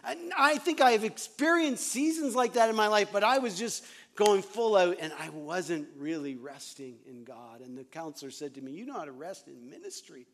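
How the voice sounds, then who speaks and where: High-voiced earnest man preaching to pastors. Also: moderate pace, few pauses. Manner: earnest, confessional, swings from hushed to loud. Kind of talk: sermon to pastors.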